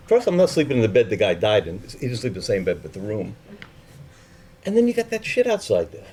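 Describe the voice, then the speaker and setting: Guy telling a wild story on stage, loose and swear-y, jumps his voice up doing the other people, little bit of hiss behind. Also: fast. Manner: animated, acting out the people he quotes with higher voices; swears casually. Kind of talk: live storytelling.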